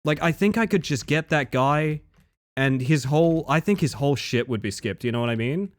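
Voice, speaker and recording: Talking at a moderate pace, a young man with an Australian accent hangs out with his live viewers, hopping between jokes and cursing without restraint in a voice full of pitch movement. The streamer is recorded close and dry, with no room sound at all.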